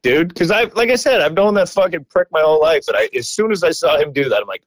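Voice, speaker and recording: Lively-voiced swearing man, dry sound. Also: fast talker, few pauses, no echo. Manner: lively, swearing, jumps between pitches. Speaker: podcast co-host. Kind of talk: casual storytelling chat.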